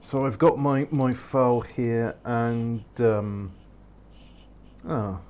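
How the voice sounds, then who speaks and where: A man with a medium-pitched, darkish voice talks very slowly in casual let's-play commentary over a factory-building game, with a little hiss or hum on the recording. He rambles, corrects himself and throws in wry asides.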